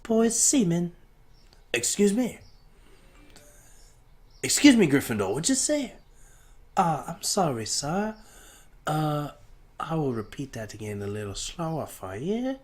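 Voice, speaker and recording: A man voicing a shrill, eager-to-please young male servant who speaks with fawning politeness. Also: sing-song, slow, pauses often, heavily acted. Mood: servile.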